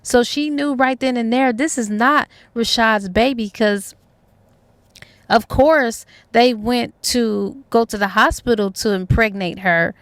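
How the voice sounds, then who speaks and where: Chatty woman with a higher voice. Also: takes it slowly, dry recording. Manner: chatty, colloquial, acts out characters' lines. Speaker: book reviewer. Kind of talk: casual plot retelling.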